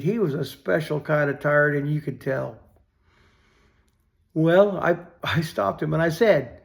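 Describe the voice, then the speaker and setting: Older guy, kinda high voice, chatty and rambling, tells a story then gets preachy about lifting folks up. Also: darkish tone. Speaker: vlogger telling a story. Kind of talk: casual storytelling with faith reflection.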